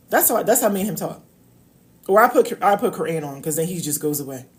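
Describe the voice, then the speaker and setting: A woman's voice: fairly low pitch, expressive, fast talker, darkish tone. A woman coaching on love, talking casually and emphatically to viewers on a live stream. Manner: emphatic, preachy, addresses viewers as y'all.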